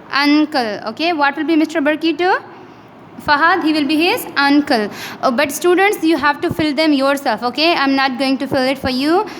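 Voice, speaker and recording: A high-pitched woman with a Pakistani accent delivers an English lesson, sounding out words one at a time with patient care. Her voice trails off in a long, hall-like reverb. A faint hiss sits underneath. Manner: slow, repeats each word in careful drills, patient and instructive. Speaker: English teacher. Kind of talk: online classroom lecture.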